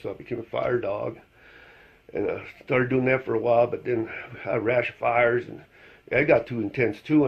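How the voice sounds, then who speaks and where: A man's voice: medium pitch, creaky, husky. A man voicing a laid-back male talking dog, a boastful war veteran, in a rambling, easygoing drawl. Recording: dull lo-fi recording.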